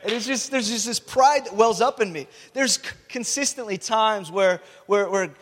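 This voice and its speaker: Male pastor, a bit high-voiced, chatty sermon delivery, long church-hall reverb. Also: normal speed. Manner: conversational, repeats words when restarting.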